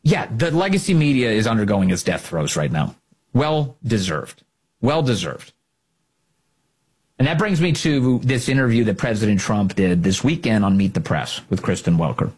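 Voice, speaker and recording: A man's voice: fairly low pitch, big pitch swings, brisk, hardly any pauses, darkish tone, slightly rough. A man hosting a political commentary show, ranting in a sarcastic, heated manner. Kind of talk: opinion show monologue.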